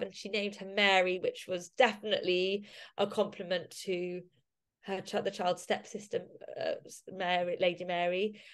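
A woman guest on a casual podcast interview, talking emotionally with many fillers and restarts. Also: mid-range voice. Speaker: podcast guest, society member.

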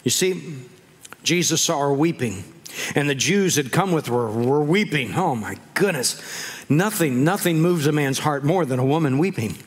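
Animated high-voiced male preacher. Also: normal speed, big-room sound. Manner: animated, acts out quoted voices, laughs often. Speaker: pastor. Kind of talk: sermon. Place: church.

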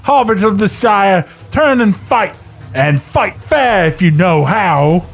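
A man's voice: high voice, expressive, slow, faint music behind, voice pushed up, full character voice. A man reading a trembling, defiant young hobbit. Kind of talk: comedic table read.

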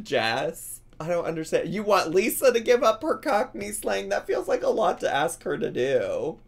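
A man streaming a casual reaction commentary, animated and often incredulous, laughing as he talks. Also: high voice, normal speed, creaky, hardly any pauses.

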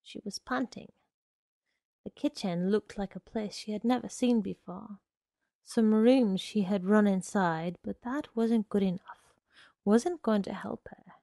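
A woman reading a short story aloud in a slow, measured way. Her voice has a gravelly fry, and the recording is dry and close. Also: medium pitch, warm tone, no room sound. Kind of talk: literary reading.

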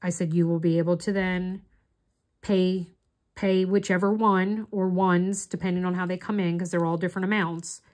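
A woman's voice: on the low side, flat delivery, moderate pace, darkish tone. A middle-aged woman chatting casually as she works on her diamond art, telling a long story in a rambling, chatty way. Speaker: crafting vlogger. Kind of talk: casual chat while doing diamond art.

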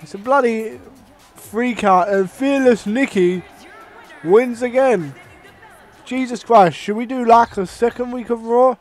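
Young man, high voice, excitable, profane, game commentary with sudden outbursts. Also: measured pace, soft background music. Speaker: gaming channel host. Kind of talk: casual play-by-play game commentary.

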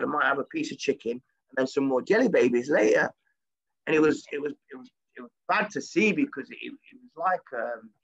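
Gravelly, husky man, former footballer, animated and sweary anecdote on a dull lo-fi recording. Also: on the high side. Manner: animated, swears freely, voice jumps up when quoting himself. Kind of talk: casual storytelling anecdote.

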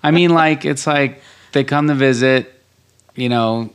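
A man's voice: mid-range voice, unhurried, clean tone. A man co-hosting a podcast, speaking in a laid-back, hesitant way and often restarting his sentences. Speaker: podcast co-host. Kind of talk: casual chat.

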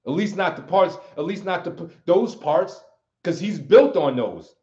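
A man's voice: high voice, lively intonation, measured pace, a little mellow. An American man hosting a livestream, giving an emphatic, preachy motivational talk and hammering on key phrases over and over. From United States. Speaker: livestream host and martial arts teacher. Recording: roomy, slightly dull audio.

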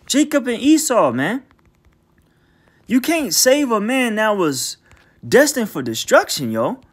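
Male bible teacher, high-pitched, casual and profane, reads verses then riffs emphatically. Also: sing-song, takes it slowly. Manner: emphatic, repeats filler "man". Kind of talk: informal scripture teaching.

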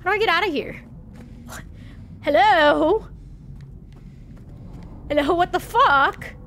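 A high-voiced woman streams a horror game live, swearing and flustered as she reacts. She talks slowly and drags her words out. Faint game noise runs underneath. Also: a bit bright. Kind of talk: live gameplay commentary.

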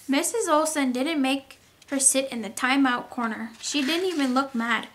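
A woman teacher reads a children's picture book aloud. Her voice is high and she reads expressively for young listeners. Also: moderate pace, fairly bright tone, slight background noise. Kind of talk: children's story read-aloud.

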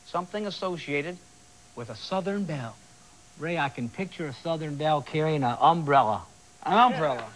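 A man hosting a television game show, bantering and teasing contestants in a lively way. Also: on the high side, moderate pace. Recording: old broadcast tape with loud audience and noise. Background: loud studio audience.

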